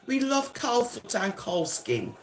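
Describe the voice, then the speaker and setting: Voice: medium pitch, big pitch swings. A speaker from Jamaica, delivering a teasing, taunting comic monologue and drawing words out. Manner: teasing, sing-song, drawn-out words.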